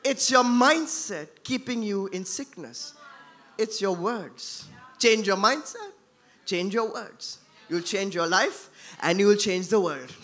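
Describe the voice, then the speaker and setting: A male pastor preaching a sermon in church, swinging between shouting and hushed tones. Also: high voice, lively intonation, takes it slowly.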